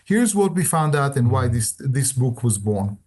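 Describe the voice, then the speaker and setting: A man's voice: mid-range voice, a little slow. An older man, a guest author on a video call, telling stories animatedly and acting out the dialogue. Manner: animated storyteller, acts out dialogue. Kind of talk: storytelling interview answers.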